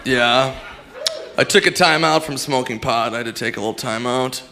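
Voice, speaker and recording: A man's voice: medium pitch, normal speed, vocal fry, bright, forceful tone, some chatter behind. Laid-back stand-up man on a club stage, live set with noise behind. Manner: laid-back, offhand joke delivery. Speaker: stand-up comedian. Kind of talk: stand-up routine. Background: audience.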